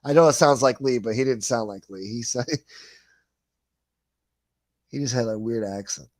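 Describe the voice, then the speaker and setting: A man's voice: mid-range voice, normal speed, no echo. Laid-back man chatting on a stream. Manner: laid-back, rambling, swears freely. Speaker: livestream host. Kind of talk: casual chat, reading viewer comments aloud.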